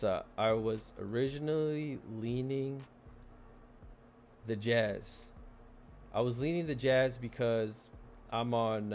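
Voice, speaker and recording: A man hosting a sports betting stream in loose, casual chat. His voice has a gravelly, creaky edge at a middling pitch. He stammers and repeats words often as he works through his picks. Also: a little mellow, a little hiss or hum.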